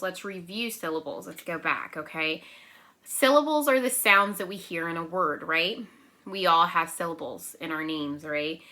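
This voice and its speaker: A young woman teaches small children from home in a bright, clear voice that sits a little low. She speaks gently and encouragingly, slows down to count and clap out syllables, and keeps checking in with her listeners. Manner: counts and claps out syllables slowly. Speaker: preschool teacher. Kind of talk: remote circle-time lesson for young children.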